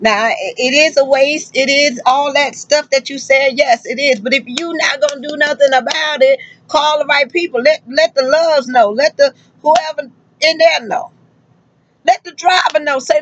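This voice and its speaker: A woman's voice: high-pitched, moderate pace, fairly bright tone, dull audio. A woman truck driver vlogging casually and sassily, talking straight to her viewers and calling them honey and girl. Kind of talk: casual chatty vlog.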